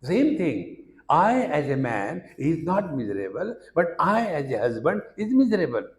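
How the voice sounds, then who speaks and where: A spiritual teacher with an Indian English accent gives a discourse on scripture, chanting Sanskrit verses and telling stories in which he acts out the dialogue. His voice runs high with wide pitch swings, at a moderate pace, and the sound is roomy.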